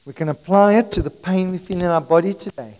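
A man preaching a sermon as pastor, emphatic and rising in volume, slowing on key phrases. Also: high voice, darkish tone, rough recording.

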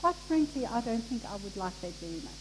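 A woman preaching a sermon, acting out the people in the story with expressive delivery. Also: fairly high pitch, brisk. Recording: echoey hall with faint noise.

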